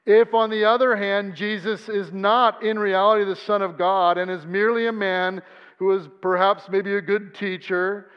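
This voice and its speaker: Male pastor, high-pitched voice, earnest sermon delivery, dull sound with a long church reverb. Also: fairly even intonation, normal speed, smooth. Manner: earnest preaching, acts out quoted voices. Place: church sanctuary.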